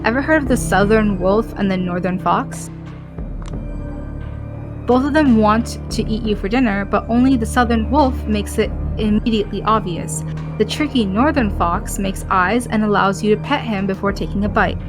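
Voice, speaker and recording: A woman's voice: medium pitch, moderate pace, close to an everyday voice. A cynical female radical, read aloud by a woman in a medium voice. Her tone is plainspoken and scornful of compromise. Game music plays under her lines. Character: sharp-tongued female radical speaking out against a baron. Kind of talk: reading a game's dialogue aloud.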